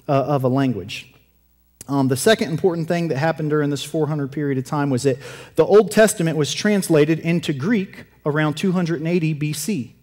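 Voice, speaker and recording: A man's voice: fairly high pitch, moderate pace, a little mellow, long reverb tail. A man preaching a sermon in a conversational, joking way, correcting himself and asking the congregation questions. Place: church.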